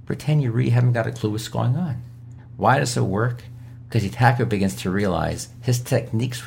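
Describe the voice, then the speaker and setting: A man's voice: fairly low pitch, creaky, a little mellow, slight background noise. A man, a physician, giving emphatic, repetitive coaching advice as an interview guest. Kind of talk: instructional interview answers.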